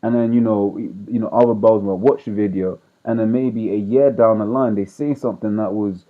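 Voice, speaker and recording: A man's voice: on the low side, steady tone, fairly quick. A man teaching scripture in a loose, rambling, conversational way, constantly checking in with "right?". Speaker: street preacher. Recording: tinny phone-like audio.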